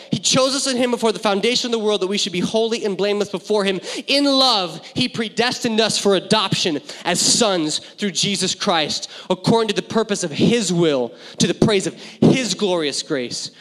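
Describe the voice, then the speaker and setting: A man delivers a sermon in a fairly high voice, shifting between playful asides and hushed, earnest passages. His voice carries a long reverb from a large hall. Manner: animated and joking, dropping to hushed intensity. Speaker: pastor.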